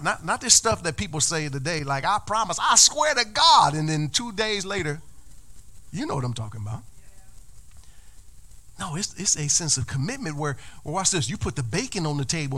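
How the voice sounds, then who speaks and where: A male pastor preaching a sermon, animated, often repeating words as he builds up. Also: a little high, a little fast.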